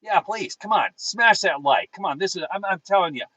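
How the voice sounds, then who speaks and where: A political talk show host goes live from his car, animated and brisk, his high-pitched voice pushed and bright as he preaches fervently to viewers and reads their chat. The recording is dry with poor audio quality.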